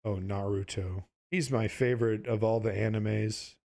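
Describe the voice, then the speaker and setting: A man's voice: lowish voice, steady tone, normal speed, dark tone. A sleepy man streaming a game, rambling through goofy, profane banter as he plays. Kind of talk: casual gameplay commentary.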